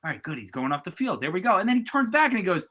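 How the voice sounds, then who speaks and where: Man, from US East Coast, podcast guest, casual chat, bright voice, rambling with fillers. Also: high voice, big pitch swings, very fast. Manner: chatty, many fillers and restarts. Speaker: guest sportswriter.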